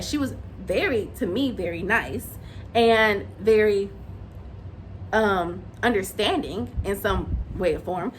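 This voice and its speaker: A woman giving an animated, opinionated recap of a reality show and acting out what the cast said. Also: mid-range voice, slight background noise. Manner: animated, opinionated, acts out quotes. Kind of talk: casual recap and commentary.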